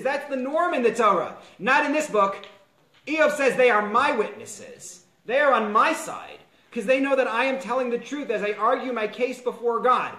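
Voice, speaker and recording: A man teaching a class on a biblical book as a rabbi, quoting lines in varied, animated tones. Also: extremely high pitch, reverberant, rough recording. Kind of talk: lecture on a biblical text.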